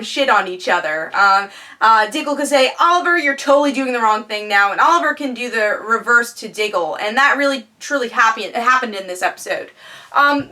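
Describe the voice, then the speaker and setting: A woman's voice: on the high side, pushed and bright. A woman giving a casual spoken review of a TV episode, chatty, with lots of fillers and restarts.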